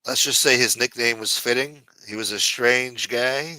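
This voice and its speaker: A man's voice: medium pitch, moderate pace, bright, forceful tone, dry recording. Loose, profane man reading live chat. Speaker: livestream host. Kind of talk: casual livestream chat.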